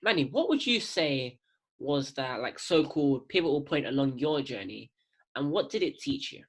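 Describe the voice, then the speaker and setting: Husky-voiced male interview host. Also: mid-range voice, animated, normal speed. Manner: appreciative, laughs easily. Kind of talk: casual interview chat.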